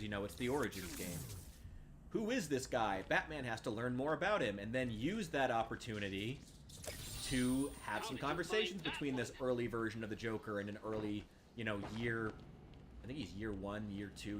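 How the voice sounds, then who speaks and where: A man streaming a game, giving rambling casual commentary with many fillers and restarts, sometimes getting excitable. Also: mid-range voice, noisy background.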